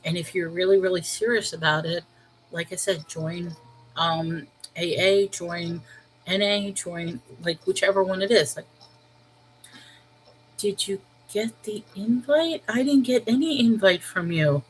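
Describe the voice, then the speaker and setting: A middle-aged woman hosting a casual livestream, chatting with viewers, laughing often, and slowing down to give earnest spiritual advice. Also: lowish voice, a little hiss or hum, rough recording. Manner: earnest and slow when giving spiritual advice. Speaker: host of a Bible livestream.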